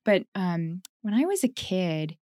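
A woman's voice: fairly low pitch, very animated, unhurried, warm tone, no echo, studio quality. A woman from Canada co-hosting a podcast, telling a story in a casual, reflective way, with lots of "like" and frequent laughter. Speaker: podcast co-host.

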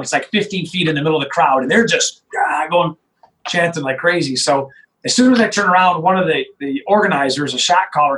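In an interview, a middle-aged sheriff with a slightly high voice tells his story emphatically and with animation, restarting often. The recording quality is rough.

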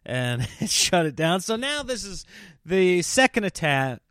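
A man hosts a casual solo podcast, telling comic stories in an animated way. His voice sits a little high for a man. The sound is close and dry, with no room echo. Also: unhurried. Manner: animated storytelling, jumps into exaggerated voices for quoted people. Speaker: comedian podcast host.

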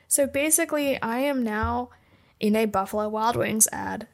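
A woman with a fairly high voice telling an anecdote on a podcast. She talks casually and laughs easily between lines. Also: fairly even intonation, a little slow, vocal fry. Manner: giggly, chatty anecdote-telling. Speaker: podcast co-host. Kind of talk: casual storytelling chat.

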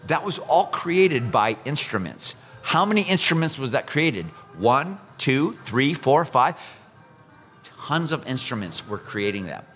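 A man's voice: mid-range voice, measured pace, faint music behind. A man in his fifties from Iowa, a whiskey ambassador, talking emphatically in a casual chat. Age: 50s. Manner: animated, emphatic storyteller.

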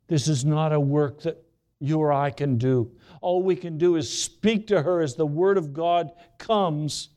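Earnest preacher guy, fairly high voice, lots of questions, slows down to hit points. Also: mellow. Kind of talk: sermon.

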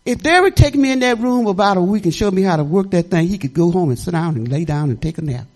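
An older woman pastor preaches in a chatty, rambling, folksy manner, often laughing as she tells stories in her sermon. Her voice is lowish and a little mellow, animated, and fast.

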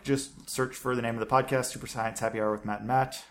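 A man's voice: mid-range voice, fairly even intonation, fast talker, hardly any pauses, fairly bright tone. A man co-hosting a casual science podcast, joking loosely and trailing off mid-sentence. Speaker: podcast co-host. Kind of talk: casual chat.

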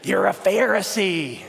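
Animated male pastor preaching in a hall. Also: sits high, creaky, background noise. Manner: animated, conversational, teasing. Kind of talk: sermon. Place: church. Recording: reverberant church hall.

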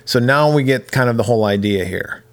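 A man's voice: medium pitch, fairly quick. A man co-hosting a podcast, casually retelling a horror movie's plot and acting out the characters' lines. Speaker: podcast co-host. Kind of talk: casual movie recap chat.

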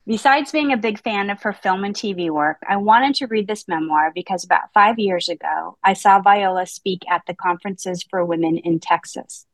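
A woman's voice: medium pitch, normal speed, few pauses, no room sound, low-quality recording. A woman hosting a book podcast, reading a prepared intro and leading the chat with dry, self-mocking humor. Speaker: podcast host. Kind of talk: casual book-club chat with scripted intro.

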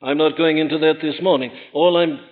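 A man preaching a sermon in an emphatic, rhetorical manner, rising to forceful peaks. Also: fairly high pitch, steady tone, brisk. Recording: dull old recording in a large reverberant hall.

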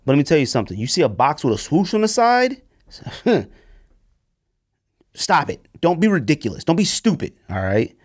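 A man hosting a casual sneaker podcast, ranting with sarcasm and sudden high-pitched bursts of emphasis. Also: big pitch swings, moderate pace, no room sound, studio quality. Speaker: podcast host.

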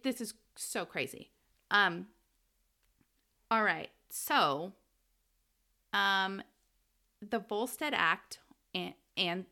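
A woman co-hosting a casual history podcast, her voice bright and clear-edged. She tells the story in an animated, loose way. She laughs often and drops a swear word here and there. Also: mid-range voice. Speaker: podcast co-host.

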